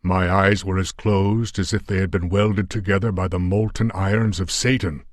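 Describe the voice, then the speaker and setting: Man voicing a croaking, fervent Afghan warrior. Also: low voice, steady tone, moderate pace, dry recording, clean studio sound, natural voice. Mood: earnest. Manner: archaic, oath-laden speech. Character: battered big Afghan warrior, pious and fervent. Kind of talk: audiobook character voice.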